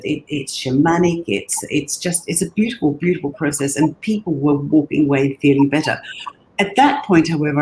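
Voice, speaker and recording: A woman's voice: sits low, darkish tone, slight background noise. A woman talking as an interview guest, telling her story earnestly and enthusiastically, often repeating words as she thinks. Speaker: guest, brand designer.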